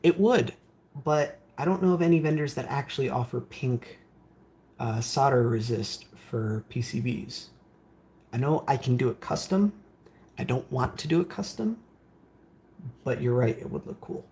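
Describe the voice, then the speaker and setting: A man's voice: medium pitch, expressive, moderate pace, darkish tone. A man hosting a live stream from his workbench, reading viewer comments aloud and answering them in a rambling way with lots of fillers. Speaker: streamer building game consoles. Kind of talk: casual live-stream chat.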